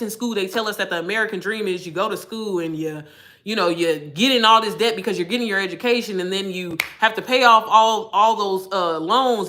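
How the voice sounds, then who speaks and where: Woman, bright voice, casual livestream chat, candid, cusses freely, chatty mentor. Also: medium pitch. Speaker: digital marketing mentor.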